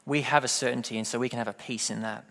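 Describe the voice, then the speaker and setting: A man's voice: medium pitch, steady tone, fast talker, creaky, a bit bright. A man preaching a sermon, telling a personal story and acting out the voices in it. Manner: storytelling, acts out quoted voices. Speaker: pastor.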